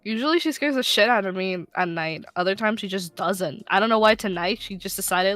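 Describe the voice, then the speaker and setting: A woman who voice-acts, casually telling a story during a game stream, animated and swearing, with loud excited bursts. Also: mid-range voice, a little fast, hardly any pauses, no room sound, faint music behind. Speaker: guest co-player, voice actor.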